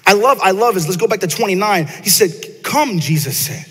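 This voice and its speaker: A man's voice: high-pitched, lively intonation, a little fast, noisy background. A man preaching a casual, conversational sermon to his congregation, often repeating words and asking them questions. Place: church sanctuary. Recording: long church hall reverb.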